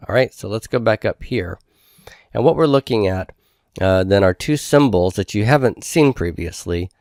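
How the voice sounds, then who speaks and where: Male teacher, low voice, patient explanations with frequent check-ins, close and dry. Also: a little mellow, no room sound. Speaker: Hebrew teacher. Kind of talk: recorded homework review lecture.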